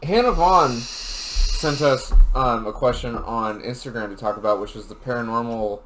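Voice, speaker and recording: A man's voice: mid-range voice, normal speed, over music, low-quality recording. A young man co-hosting a casual podcast, crude and swearing often. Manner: crude, swears often, yells when in pain. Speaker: podcast co-host. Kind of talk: casual chat. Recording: faint background noise.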